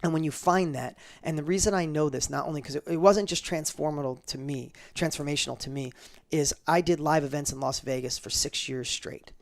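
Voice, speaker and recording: Fast-talking, gravelly middle-aged man. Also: fairly high pitch, steady tone. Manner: fast, emphatic, acts out quoted dialogue, repeats words. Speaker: guest telling a personal story. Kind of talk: animated interview storytelling.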